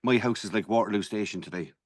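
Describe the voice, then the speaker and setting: Man, Irish accent, rapid talk, dry sound, casual swearing, lively storyteller. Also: fairly low pitch, slightly rough, dry recording. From Ireland. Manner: swears freely, tells stories with energy. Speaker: podcast co-host, martial arts black belt. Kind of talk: casual chat.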